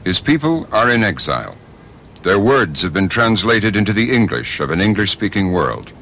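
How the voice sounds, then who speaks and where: A man narrating a documentary in a measured, solemn storytelling manner. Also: on the low side, sing-song, fairly bright tone, slight background noise. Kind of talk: scripted narration.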